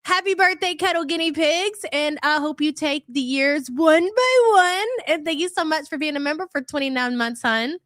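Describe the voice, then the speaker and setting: A woman's voice: high voice, moderate pace, hardly any pauses, fairly bright tone, no room sound, studio quality. A woman hosting a casual live stream who is fighting a cold. She chats along as she greets viewers one by one, reading out their names and calling them hun. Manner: chatty, reads out viewer names, calls people hun. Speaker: livestream host.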